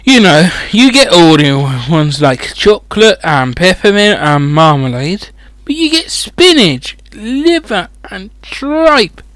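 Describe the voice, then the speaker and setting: A man with a high voice and wide pitch swings reads a children's fantasy book aloud as a comedic audiobook, going slowly with a fairly bright tone and no echo. He keeps breaking off into rambling, sweary, mocking asides.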